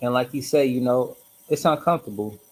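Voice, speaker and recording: A man hosting a casual livestream, reflective and rambling, hoarse from smoking and clearing his throat often. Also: medium pitch, a little fast, darkish tone, rough recording. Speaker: host.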